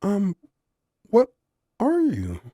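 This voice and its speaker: A man's voice: sits high, wildly swooping pitch, very slow, dark tone, no room sound, studio quality, pitched above the performer's own voice, exaggerated voice. A man voicing a curious, bubbly young female forest fawn spirit in an audiobook story, eager and wide-eyed.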